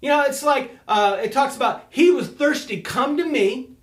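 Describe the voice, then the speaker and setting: A man preaching a casual sermon, excitable and animated, laughing often as he talks. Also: very high-pitched, normal speed, echoey room.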